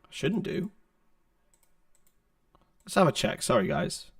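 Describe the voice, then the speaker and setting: A man's voice: high-pitched, expressive, takes it slowly, creaky. A young man hosting a livestream, giving running football play-by-play with chatty asides to viewers on a laptop's built-in microphone. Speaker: livestream watchalong host. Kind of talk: live football play-by-play commentary.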